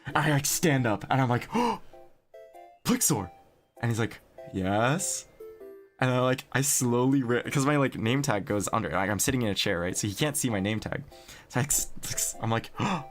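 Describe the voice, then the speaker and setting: A young man chats on a stream in a loose, rambling way, swearing freely as he tells a story. His voice sits at a middle pitch. Quiet music and keyboard clicks run underneath. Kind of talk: casual stream chat.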